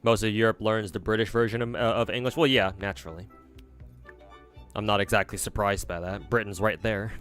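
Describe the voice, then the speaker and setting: A man's voice: fairly low pitch, fairly even intonation, fairly quick, fairly bright tone, soft background music. A young man chatting casually as a streamer, answering viewers with lots of fillers and restarts. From United States. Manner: rambling, many fillers and restarts.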